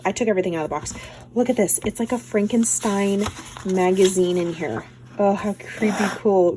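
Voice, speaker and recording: A woman in her thirties chatting casually as she unboxes craft mail, gushing and excitable, sometimes dropping to a soft whisper. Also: medium pitch, slight background noise. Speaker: craft vlogger.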